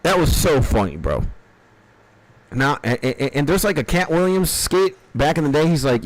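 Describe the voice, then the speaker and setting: A man's voice: a little high, sing-song, normal speed, dry recording. A man on a stream, telling a rambling, profane anecdote with bursts of laughter in casual storytelling.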